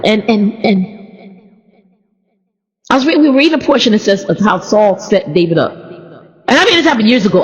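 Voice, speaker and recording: A woman preaching an informal, animated sermon that mixes personal stories with repeated phrases. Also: mid-range voice. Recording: dull recording in a reverberant hall.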